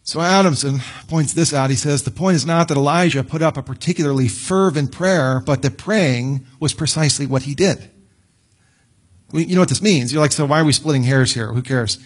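A man's voice: on the high side, brisk, slightly rough. Conversational man preaching a sermon. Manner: conversational preaching, acts out pleading prayers with laughs. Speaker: pastor.

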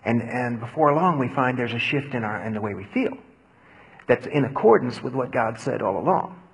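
A man preaching a sermon who tells a story with lively acted-out quotes, then answers questions from the audience. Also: medium pitch, normal speed, creaky, a little hiss or hum, rough recording. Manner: animated storytelling, acts out quotes loudly. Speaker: pastor.

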